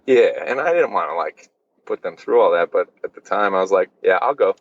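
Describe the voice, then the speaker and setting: Low-voiced man telling a raw story. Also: lively intonation, fairly quick, muffled recording. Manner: casual, swears freely, many fillers. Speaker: podcast guest. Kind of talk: candid storytelling.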